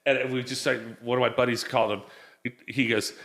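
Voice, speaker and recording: A man's voice: medium pitch, expressive, a little fast, a bit bright, echoey room. A man in his forties chatting casually as a guest, telling rambling family stories and acting out the quotes. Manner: rambling storyteller, acts out quotes. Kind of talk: casual chat.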